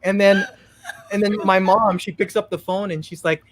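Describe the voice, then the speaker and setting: A man telling a childhood story, excitable and acting out the voices in it. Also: high voice, moderate pace, a little hiss or hum. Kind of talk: animated storytelling.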